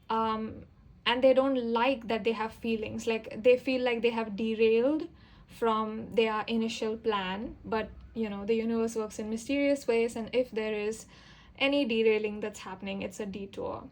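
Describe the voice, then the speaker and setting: A woman's voice: fairly high pitch, poor audio. A young woman giving a casual tarot reading to camera, chatty and rambling, with fillers and self-corrections. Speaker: tarot reader.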